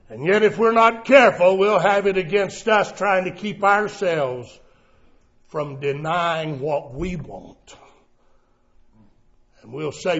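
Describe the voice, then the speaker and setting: A male preacher delivers a sermon, swinging between loud cries and hushed tones. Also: a little high, muffled recording.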